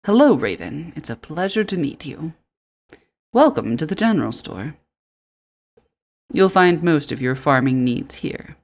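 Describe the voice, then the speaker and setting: A woman voicing a calm, polite male general store owner in a game, speaking softly and measured. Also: sits low, exaggerated voice.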